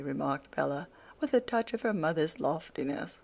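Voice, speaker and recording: An audiobook narrator reading a classic novel in a steady storytelling manner. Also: mid-range voice, normal speed, creaky, hardly any pauses. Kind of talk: scripted narration.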